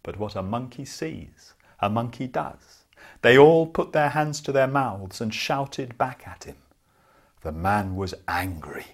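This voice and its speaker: A man telling a folk tale to children at an unhurried pace. His mid-range voice swings between booming lines and hushed ones, with deliberate pauses for drama. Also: lively intonation, breathy edge. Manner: slow, dramatic, with big swings of pitch and volume. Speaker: storyteller. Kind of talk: storytelling for children.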